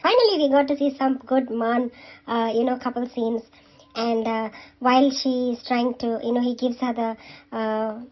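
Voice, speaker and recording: A chatty woman, recapping a serial episode at a fairly high but level pitch. She fills her talk with "uh" and "you know" and turns to scold or cheer the characters directly. The recording is a little dull and lo-fi.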